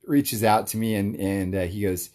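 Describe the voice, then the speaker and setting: A man with a very low voice talks to his audience in a relaxed, rambling monologue. He is eager and keeps circling back with fillers and restarts. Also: moderate pace. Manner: enthusiastic. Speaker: card collector talking to his audience. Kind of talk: casual monologue.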